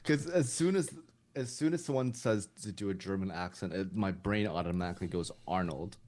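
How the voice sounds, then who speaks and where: A chatty podcast co-host, a man with a fairly low voice. He sounds curious and keeps asking follow-up questions. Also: fairly quick, a little mellow. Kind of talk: casual chat.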